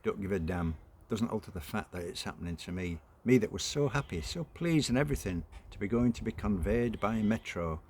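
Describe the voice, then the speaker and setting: A man's voice: fairly low pitch, expressive, fairly quick, hardly any pauses, darkish tone, a little hiss or hum. A man voicing a foul-mouthed, bratty young girl in a storybook reading, with cheeky, scornful outbursts. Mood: indignant.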